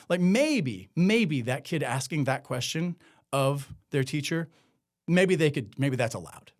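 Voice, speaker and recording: A man's voice: a little high, expressive, measured pace. A man hosting a solo commentary podcast, talking in a sarcastic, conversational way with many filler words. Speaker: podcast host.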